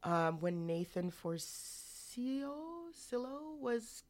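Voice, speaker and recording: A woman with a fairly low, expressive voice speaks slowly while co-hosting a podcast. She tells a story in a rambling, candid way, often restarting her sentences, in casual podcast chat.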